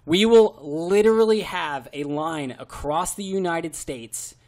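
An easygoing man co-hosts a casual podcast, trading jokes with a relaxed delivery. His voice is a touch high, and he sometimes stammers over a word. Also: unhurried. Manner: easygoing, joking, a few stammers. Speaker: podcast co-host.

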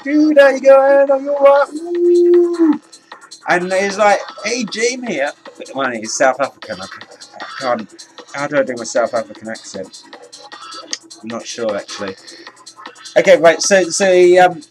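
A man vlogging in an excitable, rambling way, with lots of restarts and casual swearing. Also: fairly high pitch. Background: faint electronic music.

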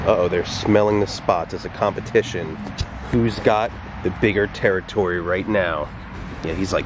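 A man's voice: low-pitched, moderate pace, noisy background. A man vlogging at an outdoor dog park, teasing his dog in casual, playful talk. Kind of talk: casual vlog narration.

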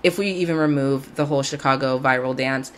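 A woman's voice: very deep voice, brisk, slight background noise. A young woman from Southern California hosting a casual video podcast, gushing and chatty with lots of "like". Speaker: podcast host. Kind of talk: casual chat to camera. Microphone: camera mic, video-call style.

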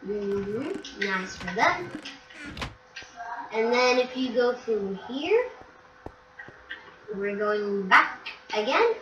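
Slow, bright, chatty young game vlogger. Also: medium pitch. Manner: chatty, curious, muses aloud with frequent ums and hmms. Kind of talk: casual gameplay tour commentary. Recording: roomy, distant, dull lo-fi mic with faint music.

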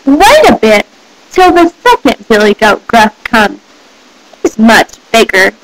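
A woman's voice: fairly high pitch, sing-song, takes it slowly, slight background noise, exaggerated voice, low-quality recording. A woman voicing the youngest billy goat, a tiny timid creature with a small pleading voice.

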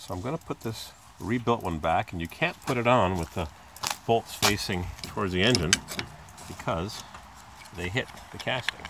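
Animated and speaking at an ordinary pace, a man records a rambling repair session on a phone he holds himself. The sound is very noisy, since he's outdoors by his car in a driveway, and he playfully copies squeaking noises in a high voice as he chats through the job.

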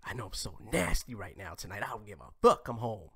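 Animated man hosting crude reaction commentary. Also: lowish voice, fairly quick, creaky, a crowd in the background. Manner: crude, teasing, jokey commentary with sudden whispers. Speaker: host. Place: home.

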